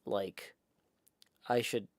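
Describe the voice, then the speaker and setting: A man's voice: extremely slow, dry recording. A middle-aged man, chatting casually on a live stream in his apartment, rambling and self-mocking as he reads chat aloud into a desk mic. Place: apartment room. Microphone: desk microphone.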